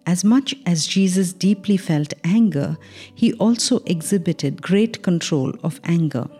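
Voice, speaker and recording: A woman reads a short Christian devotional in a calm, earnest, measured voice. Her tone is mellow and sits a little low. Soft music plays faintly behind her. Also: husky. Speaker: devotional reader. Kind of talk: read devotional.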